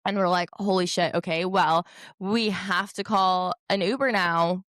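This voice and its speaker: A woman's voice: fairly low pitch, unhurried, no echo, clean studio sound. Chatty young woman telling a story. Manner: chatty, animated, many fillers and mild swearing. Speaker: podcast host. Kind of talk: casual storytelling.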